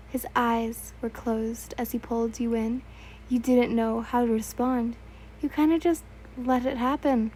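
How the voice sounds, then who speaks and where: A woman's voice: on the high side, steady tone, measured pace, slight background noise, rough recording. A young woman reading fan fiction aloud in a casual, stumbling way, correcting herself and adding asides.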